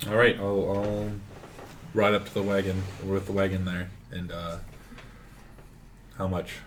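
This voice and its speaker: A man playing a tabletop game, talking in a halting, dry, deadpan way. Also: deep voice, a little hiss or hum. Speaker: player.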